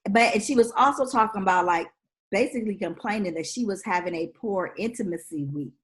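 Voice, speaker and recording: Measured woman, mid-pitched voice. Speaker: podcast co-host. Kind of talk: casual reality-TV recap chat.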